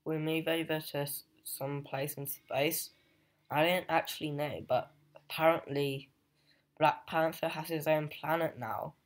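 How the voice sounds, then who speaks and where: Male comic reviewer, unhurried and level, loose rambling recap full of fillers. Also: on the high side, fairly even intonation. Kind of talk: casual plot recap.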